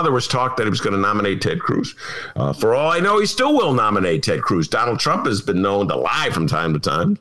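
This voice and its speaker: A man's voice: fairly low pitch, a bit bright. A middle-aged man hosting a political talk show, opinionated and sarcastic, slipping into mocking impressions. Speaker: podcast host.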